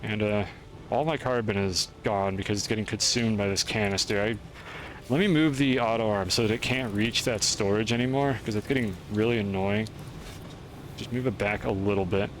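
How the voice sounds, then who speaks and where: A man's voice: lowish voice, moderate pace, a little hiss or hum. A man streaming a game, chatting through his moves in a rambling, self-deprecating way. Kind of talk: gameplay commentary.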